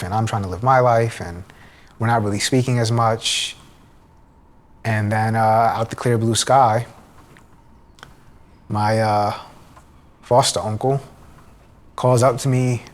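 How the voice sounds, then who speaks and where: A young man giving a personal testimony in church, telling his story conversationally with many restarts. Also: lowish voice. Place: church sanctuary.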